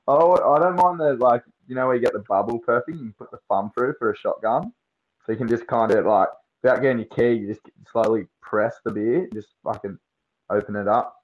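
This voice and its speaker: A man's voice: mid-range voice, a little fast, narrow, tinny audio. A young Australian man chatting as a podcast guest, swearing freely and telling slangy stories. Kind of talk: casual chat.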